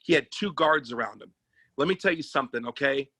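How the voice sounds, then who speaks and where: Male comedian guest, punchy and profane raconteur, bright tone, close dry mic. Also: medium pitch, expressive, a little fast, slightly rough, dry recording. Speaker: comedian and sports agent guest. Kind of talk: animated comic storytelling.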